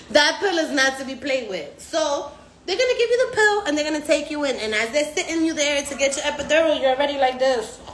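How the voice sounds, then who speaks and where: A woman's voice: high voice, brisk, roomy sound. A woman hosting a casual live stream, slangy and profane, acting out other people's voices as she talks. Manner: animated, acts out patients' voices. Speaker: recovery house host.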